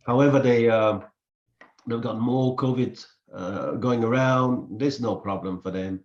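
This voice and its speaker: Man, halting casual podcast talk, echoey room. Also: medium pitch. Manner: halting, repeats words and fills pauses. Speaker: podcast host. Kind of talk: casual chat. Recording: echoey room, dull lo-fi sound.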